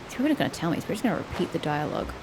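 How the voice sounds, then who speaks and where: A woman's voice: low-pitched, very animated, racing, noisy background. A young woman streaming a game, making sarcastic, grumbling asides as she plays. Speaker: gaming streamer. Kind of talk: let's play commentary.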